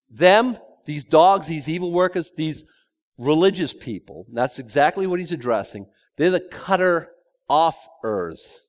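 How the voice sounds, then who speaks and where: A man's voice: a little high, animated, measured pace. A man preaching a verse-by-verse sermon in a conversational way, with joking asides and emphatic repetition. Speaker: pastor. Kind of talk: expository sermon.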